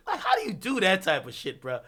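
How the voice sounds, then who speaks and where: A man hosting a livestream, ranting about hip-hop in a casual, profane, animated way with bursts of laughter. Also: high-pitched, breathy edge.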